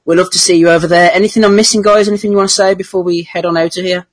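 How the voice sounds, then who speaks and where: A man hosts a podcast and keeps it moving at a quick clip. His voice sits a little high for a man, and he sounds upbeat and organized as he lines up the next segment. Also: fairly even intonation. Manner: brisk, organized, moves the show along. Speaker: podcast host. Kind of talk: casual chat, wrapping up the show.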